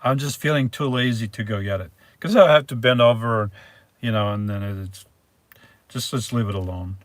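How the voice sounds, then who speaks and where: A man's voice: mid-range voice, a bit bright, no echo. A man hosting a casual live stream, reading viewer messages aloud and answering them in a rambling, hesitant way. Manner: rambling and hesitant, restarts words, reads viewer names aloud.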